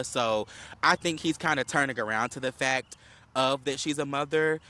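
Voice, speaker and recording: A man's voice: medium pitch, moderate pace. A man co-hosting a podcast, casually recapping a reality show, acting out quotes with lots of fillers and a slight cough. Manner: animated storyteller, acts out quotes, many fillers. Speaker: podcast co-host.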